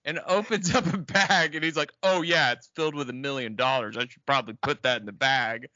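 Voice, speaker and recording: A man's voice: mid-range voice, brisk, no room sound, highs cut off. A man co-hosting a casual chat, joking and acting out lines from a film's plot with laughs. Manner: lively, jokes and acts out lines with laughs. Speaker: podcast co-host. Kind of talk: casual movie recap chat.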